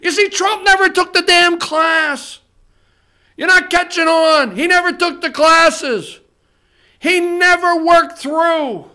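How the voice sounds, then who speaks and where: A man in full rant, hurling his points straight at the camera. His voice sits strikingly high and rings bright and forceful, and he swears and hammers the same lines again and again. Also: slow. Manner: heated, swearing, repetitive, addresses viewers directly. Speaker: political talk show host. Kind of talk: fired-up political rant to camera. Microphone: studio camera.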